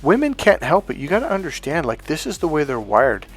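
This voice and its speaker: A man's voice: fairly high pitch, sing-song, fairly quick, slightly rough, faint music behind. A man coaching other men on dating in a blunt, profane, casual monologue, acting out quotes as he goes.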